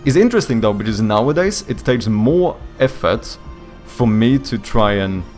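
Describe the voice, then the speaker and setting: A man's voice: medium pitch, lively intonation, normal speed, darkish tone, faint music behind. A young man whose first language is Swedish, speaking English with a light Swedish accent, chatting casually with viewers on a live stream, rambling, searching for words and swearing now and then. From Sweden. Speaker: streamer and indie game developer.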